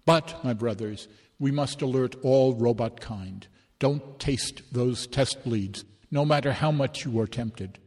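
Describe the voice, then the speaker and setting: A man's voice: mid-range voice, normal speed, a little mellow, no echo, studio quality, close to an everyday voice. A man doing a polite robot servant. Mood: preaching. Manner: formal, dutiful, punning.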